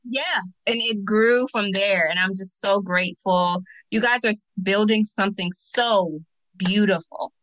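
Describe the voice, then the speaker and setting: A woman's voice: medium pitch, a little slow, no room sound, low-quality recording. A woman guest on a podcast, telling stories animatedly and repeating words for emphasis. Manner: animated storyteller, emphatic repetitions. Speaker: podcast guest, agency owner. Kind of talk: casual interview chat.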